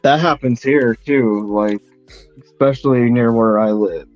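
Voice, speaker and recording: A man's voice: medium pitch, a little slow, darkish tone, no echo, soft background music. Man, casual and blunt with cursing, muffled dry recording. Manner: laid-back, blunt and profane. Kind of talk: casual chat. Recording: dull lo-fi dry sound.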